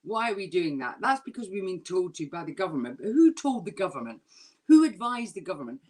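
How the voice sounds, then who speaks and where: A woman's voice: lowish voice, very animated, brisk, a little mellow. A woman comedian ranting and swearing in a drunken comedy chat over a video call. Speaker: comedian guest.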